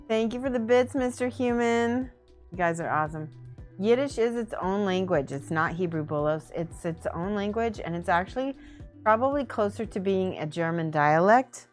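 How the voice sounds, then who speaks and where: A woman's voice: medium pitch, normal speed, faint music behind. A woman chatting casually on a livestream while painting miniatures, giggling often and thinking aloud.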